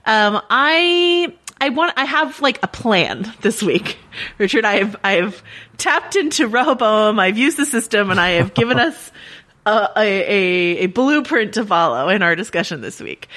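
A woman co-hosts a podcast in easy, casual conversation. Her voice sits in a middle range, and she talks in an animated way. She laughs often and stumbles through restarts as she goes. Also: mid-range voice, a little slow. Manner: animated, chatty, laughs easily, many fillers and restarts. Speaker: podcast co-host.

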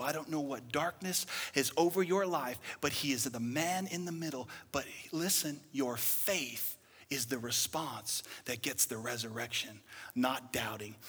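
A young male pastor delivers a dramatic sermon, his husky voice bright and slightly high. He swings from loud, ringing declarations to hushed whispers, and the sound carries the long echo of a large hall. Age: young adult. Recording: reverberant hall.

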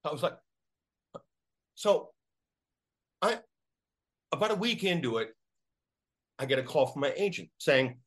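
A man, an actor, telling a story casually in an interview, animated and acting out the voices of people he quotes. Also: a little high, unhurried, pauses often. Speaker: actor guest.

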